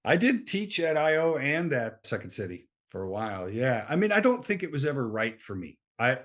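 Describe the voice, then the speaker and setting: A man's voice: mid-range voice, fairly quick. A middle-aged man, an actor and comedian guest on a podcast, telling stories in casual chat and acting out the lines of people he quotes. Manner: animated storyteller who acts out quoted lines.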